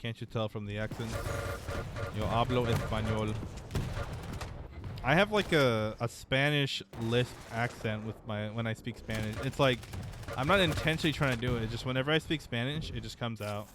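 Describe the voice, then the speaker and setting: A man casting a live online shooter match in a casual, rambling way, with sudden excited outbursts. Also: medium pitch, fairly quick, background noise. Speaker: esports caster. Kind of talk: live game commentary. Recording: loud game gunfire under voice. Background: game gunfire and rockets.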